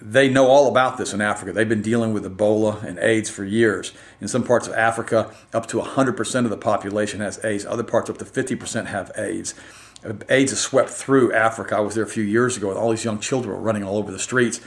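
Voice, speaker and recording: A man's voice: lowish voice, steady tone, quick pace. A man delivering a direct-to-camera opinion monologue as a health commentator, emphatic and firing off rhetorical questions.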